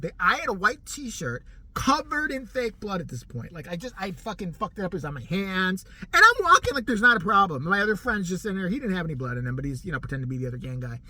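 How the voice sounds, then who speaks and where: Animated, bright-voiced storytelling man. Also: high voice. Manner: animated, profane, laughs often while telling. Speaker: vlogger. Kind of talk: casual storytelling.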